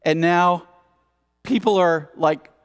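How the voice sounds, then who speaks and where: A man's voice: sits high, slow, clean tone. A man giving a storytelling sermon at a spiritual center, acting out the scenes with exclamations. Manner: animated, acts out scenes with exclamations. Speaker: speaker at a spiritual center service.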